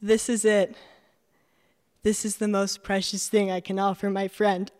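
A woman with an American Midwestern accent reading her personal essay aloud in a measured, reflective way. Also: mid-range voice, flat delivery, a little mellow, in a large hall. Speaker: memoir narrator.

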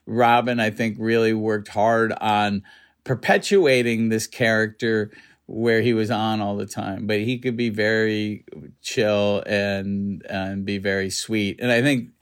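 Soft-spoken man, halting and reflective. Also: fairly low pitch, steady tone, clean tone. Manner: halting, full of restarts and "you know". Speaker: comedian guest. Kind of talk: casual radio interview conversation.

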